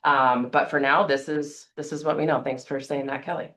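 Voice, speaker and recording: A woman's voice: deep voice, fairly even intonation, moderate pace, a bit bright. A woman giving casual announcements to her team at a meeting, chatty and informal. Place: office meeting room. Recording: roomy echo.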